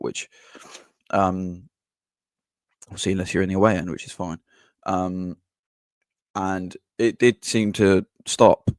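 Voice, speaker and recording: Male podcaster, deep voice, blunt and sweary, dry close sound. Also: a little mellow, no echo. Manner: blunt, swears, frequent ums and restarts. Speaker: podcast host. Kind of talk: casual match-reaction monologue.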